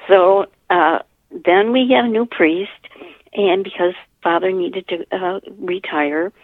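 An older woman telling a personal story in an earnest, halting way, often restarting her sentences. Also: on the low side, dry recording. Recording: tinny phone line.

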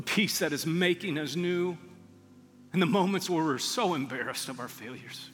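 A man's voice: a little high, normal speed, a bit bright, in a large hall, faint music behind. A man preaching a sermon as pastor, telling stories earnestly and building to emphatic peaks. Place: church sanctuary.

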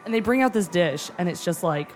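An excitable cook raves in a loose, chatty way, stacking fillers and the odd curse word. The voice sits at an ordinary middle pitch and wells up with feeling, close to tears. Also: a little fast, faint music behind. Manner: excitable, gushing, with many fillers and swearing. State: moved nearly to tears. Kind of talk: casual chat.

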